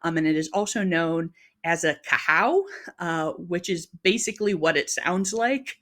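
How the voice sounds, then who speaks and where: Lower-voiced woman chatting on a podcast. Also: normal speed, a bit bright. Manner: chatty, lots of "um" and "like", laughs often; tells the research. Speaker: podcast co-host. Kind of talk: casual chat.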